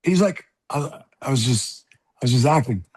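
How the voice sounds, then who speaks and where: Husky, animated middle-aged man telling stories. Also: mid-range voice, normal speed. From South Bronx, New York. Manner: animated, profane, acts out voices in anecdotes. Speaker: guest actor. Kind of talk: casual storytelling interview.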